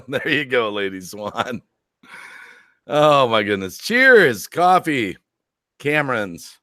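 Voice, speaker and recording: Lively upbeat man hosting a live stream. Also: medium pitch, slow, long pauses, no room sound, studio quality. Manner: upbeat, repeats catchphrases, reads viewer comments aloud. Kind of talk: casual live stream chat.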